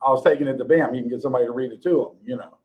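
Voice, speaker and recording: A man's voice: medium pitch, very fast, muffled recording. A man co-hosting a podcast, chatting casually, teasing his co-hosts and laughing often with rambling restarts. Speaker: podcast co-host. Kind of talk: casual chat.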